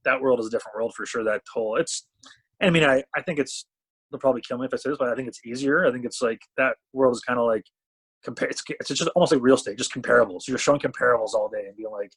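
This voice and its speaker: A man from Canada, a talent management CEO, chatting as a podcast guest and telling animated stories where he acts out what people said. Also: mid-range voice, fast, slightly rough. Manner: animated storyteller, acts out quotes. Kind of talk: casual storytelling chat.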